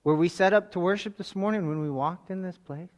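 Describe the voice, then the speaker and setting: A man preaching a sermon as pastor. He puts questions straight to the congregation, swinging between loud exhortation and quiet asides. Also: high-pitched, fairly quick.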